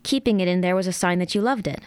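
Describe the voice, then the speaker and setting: A woman reading aloud from a novel, voicing a blunt adult woman friend who calmly lays down boundaries. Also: on the low side, fast talker, smooth, no echo, lightly acted. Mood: matter-of-fact.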